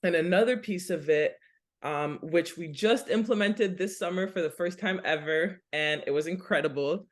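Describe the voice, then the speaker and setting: Podcast guest: young adult woman, earnest and explanatory, casual interview talk. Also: fairly low pitch. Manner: earnest and explanatory, lists things in runs. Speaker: basketball nonprofit director, podcast guest.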